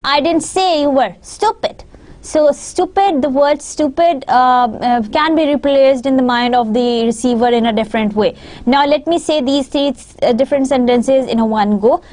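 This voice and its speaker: A woman's voice: high voice, normal speed, darkish tone. A woman with a Pakistani English accent giving a recorded university lecture, explaining patiently and often recapping her points.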